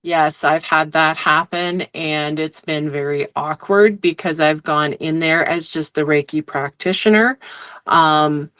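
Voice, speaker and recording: A woman's voice: low-pitched, fairly even intonation, a little slow, a bit bright, clear, resonant tone, no room sound. A woman guest who works as a medium and Reiki practitioner, recounting her sessions in a chatty, rambling way full of fillers. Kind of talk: casual storytelling in conversation.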